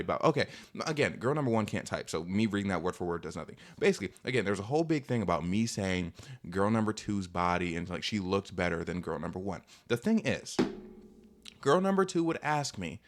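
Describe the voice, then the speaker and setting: Fast-talking low-voiced young man. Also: very animated. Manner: defensive, rambling, many filler likes. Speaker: vlogger. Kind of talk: casual storytime monologue.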